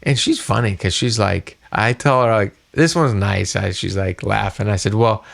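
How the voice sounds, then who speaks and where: Middle-aged male podcast co-host, gravelly voice, lively storyteller who acts out the other people's lines. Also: on the low side, moderate pace. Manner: animated, acts out quoted voices. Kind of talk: casual storytelling chat.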